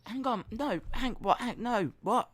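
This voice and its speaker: A man's voice: extremely high pitch, a bit bright. A British man co-hosting a podcast, chatting casually and teasing his co-host with disbelief. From Britain. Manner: incredulous, teasing, quick to laugh.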